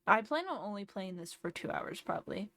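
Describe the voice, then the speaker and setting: A woman's voice: medium pitch, big pitch swings, brisk, creaky, a bit bright. A tired woman streamer chatting casually while playing a game, thinking aloud and explaining tips. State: sleepy. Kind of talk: casual gameplay commentary.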